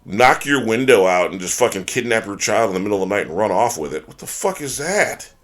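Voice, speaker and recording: A man hosting a casual podcast chat, loud and jokey, cursing often. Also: on the low side, sing-song, fairly quick. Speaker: podcast host.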